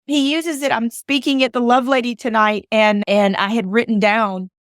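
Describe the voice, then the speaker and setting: A woman's voice: on the high side, steady tone, moderate pace, smooth, no room sound, clean studio sound. A woman with a Southern US accent hosting a podcast, talking in an earnest, emotional way that sometimes sounds like a preacher's appeal. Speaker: podcast host. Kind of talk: heartfelt podcast monologue.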